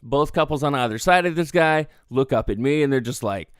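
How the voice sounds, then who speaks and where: A man's voice: mid-range voice, a little fast, smooth, dry recording, studio quality. A man telling a casual story about his job as a bartender, acting out the customers' lines with energy. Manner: animated, acts out customers' lines.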